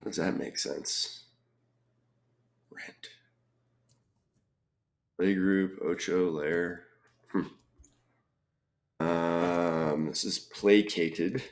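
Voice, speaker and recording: A man solving a crossword puzzle aloud, reading clues and thinking out loud with frequent ums and muttered asides. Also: low-pitched, fairly even intonation, very slow, long pauses. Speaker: crossword reviewer.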